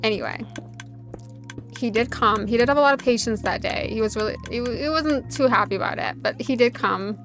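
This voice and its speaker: A woman's voice: a little high, fairly quick, fairly bright tone. A woman streaming a game, telling a personal story in a rambling, chatty way with plenty of "like" fillers. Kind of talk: casual chat while streaming a game. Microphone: desk USB microphone. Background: faint background music.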